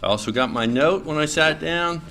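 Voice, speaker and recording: A man's voice: a little high, animated, normal speed, gravelly, sharp tone, slight background noise. A middle-aged man from Louisiana, a state senator giving a folksy club speech full of fillers and restarts. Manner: folksy, hesitant with many fillers and restarts, joking. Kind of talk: after-lunch club speech. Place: club meeting room.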